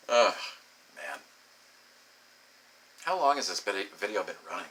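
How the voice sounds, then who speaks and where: A man's voice: fairly low pitch, sing-song, extremely slow, long pauses, pushed and bright, low-quality recording. A young man telling a story casually on his vlog, acting out both sides of the dialogue. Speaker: vlogger.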